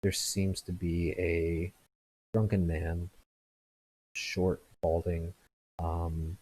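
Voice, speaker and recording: A man with a very deep, husky voice narrates a tabletop game as game master. He hesitates often and fills the gaps with ums and uhs, then picks up the scene again. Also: flat delivery, very slow, darkish tone, poor audio. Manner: hesitant, filler-heavy narration.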